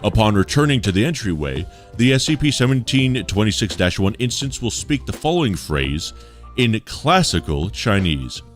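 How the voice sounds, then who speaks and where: A man's voice: lowish voice, big pitch swings, normal speed, soft background music. A man reading articles aloud on a livestream, chatty, with asides to his chat.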